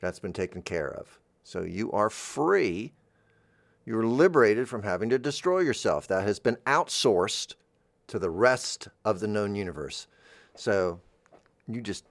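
A man hosting a freeform radio show from a studio, rambling gently in a musing monologue. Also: lowish voice, animated, a little slow, vocal fry, dry recording. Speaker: radio host.

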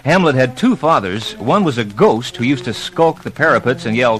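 A man giving a quick, wry comic summary in an old radio sketch. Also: mid-range voice, poor audio. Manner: wry deadpan punchlines. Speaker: radio comedy narrator. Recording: old radio recording with music.

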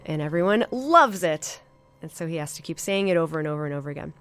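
Chatty woman podcaster, lowish voice. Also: lively intonation, a bit bright. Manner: enthusiastic, lots of fillers and pauses. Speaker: podcast host. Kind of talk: casual review podcast monologue.

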